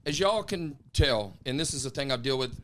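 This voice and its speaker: Loud, swinging man telling a comic story. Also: animated, a little fast. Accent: regional accent of his own. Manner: acts out quoted lines with big swings in pitch and loudness; calls his own tone aggressive. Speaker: stand-up comedian, podcast guest.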